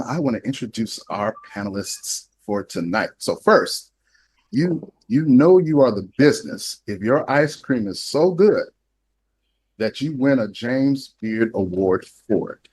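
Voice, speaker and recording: A man's voice: mid-range voice, expressive, normal speed, darkish tone, breathy edge, low-quality recording. An effusive man hosts a live online event over a video call, his voice sitting in a middling register. He talks upbeat and laughs easily between his lines. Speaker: event host.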